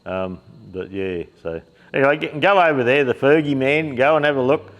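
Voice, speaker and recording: A middle-aged Australian man, a shop owner, talks casually to the camera from his workshop shed. He rambles along in a relaxed, blokey way, with lots of fillers and the odd swear word, at a voice of middling pitch. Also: moderate pace, highs cut off. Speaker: shop owner and YouTube host.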